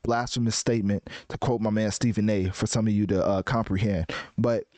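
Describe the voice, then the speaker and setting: A man giving casual music commentary in a rambling, animated way, often restarting his sentences. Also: fairly low pitch, brisk, dry recording.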